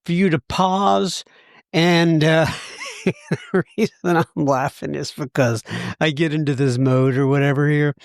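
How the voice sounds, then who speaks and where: A man's voice: fairly high pitch, fairly even intonation, moderate pace, creaky, no echo, studio quality. A man hosting a podcast, asking questions and signing off in a jovial, announcer-like way. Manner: jovial, laughs easily, announcer-like delivery. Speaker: podcast host. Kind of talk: casual interview and show sign-off.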